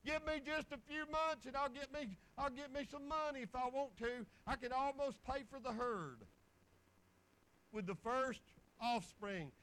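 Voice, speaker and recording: A man's voice: extremely high pitch, a little slow, fairly bright tone, poor audio. A man preaching a folksy sermon, telling homespun stories and chuckling along the way.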